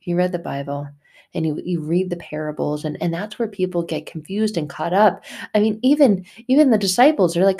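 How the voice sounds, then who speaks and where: A woman's voice: fairly low pitch, fairly quick, dark tone. A woman hosting a faith podcast, giving an emphatic, repetitive inspirational talk in a casual way.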